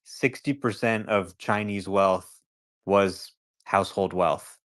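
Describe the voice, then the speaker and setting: A man speaking as a guest analyst in a casual podcast discussion, conversational and turning animated when he acts out a scenario. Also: sits low, slow.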